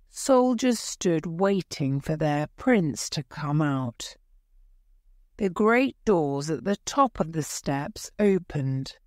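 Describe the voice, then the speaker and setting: Woman narrator for a learner audiobook, very slow and deliberate, animated pitch, low voice. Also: no echo, studio quality. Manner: clear, deliberate storytelling with lively pitch.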